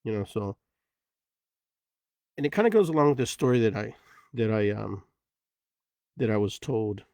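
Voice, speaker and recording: A man's voice: on the low side, expressive, normal speed, creaky, darkish tone, dry recording. Brief: middle-aged male podcast host, rambling reflective storyteller, dry untreated sound. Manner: rambling, many "you know" fillers.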